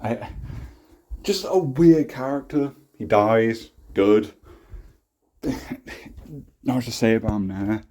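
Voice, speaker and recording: A man's voice: mid-range voice, slow, pauses often, mellow. A young British man casually giving his opinions, rambling with frequent restarts and blunt swearing. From Britain. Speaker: YouTube reviewer.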